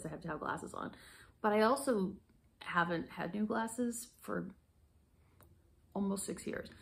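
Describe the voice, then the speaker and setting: A woman in her forties reviewing hand care products in a casual vlog, rambling, self-deprecating and laughing often. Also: mid-range voice. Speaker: beauty vlogger.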